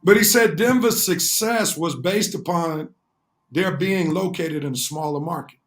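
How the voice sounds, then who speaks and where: Man, high voice, sports talk co-host, earnest, lays out points at length. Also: a little slow.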